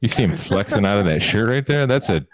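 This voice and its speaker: A man's voice: lowish voice, fast, crowd noise. A man hosting a casual podcast, cracking jokes and welcoming listeners. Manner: wisecracking, relaxed. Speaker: podcast host. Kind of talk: casual chat.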